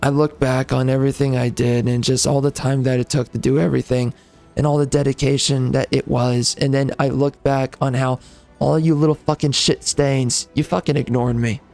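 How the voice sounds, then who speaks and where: A man's voice: medium pitch, flat delivery, normal speed, vocal fry, darkish tone, soft background music. A man who hosts a gaming channel, delivering a bitter, profane rant at his viewers. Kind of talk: angry rant to the audience.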